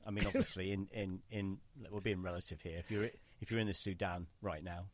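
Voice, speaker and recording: A man's voice: sits low, fairly even intonation, brisk. A man hosting a casual podcast chat, joking, swearing and acting out quotes. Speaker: podcast host.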